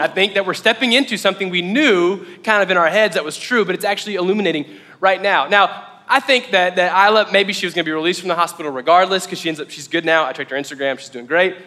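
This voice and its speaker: A man's voice: high voice, bright, forceful tone, big-room sound. A man preaching a casual, conversational sermon as a pastor, talking in a chatty way full of "like.".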